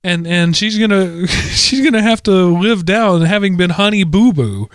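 A man's voice: high voice, a little slow, clean tone, no echo. Male podcast co-host, storyteller, bouncy intonation, dry studio sound. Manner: animated storyteller, lively delivery. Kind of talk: casual chat.

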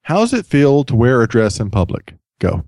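Male podcast host, self-deprecating rambler, mid-pitch, dry close sound. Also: huge pitch swings, normal speed, darkish tone, dry recording. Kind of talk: casual podcast chat.

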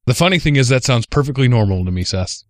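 An animated man from the Southern United States hosts a casual podcast and tells stories with lively jumps in pitch. His voice is close-miked and dry, with an ordinary middle pitch. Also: fast talker, no room sound. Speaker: podcast host.

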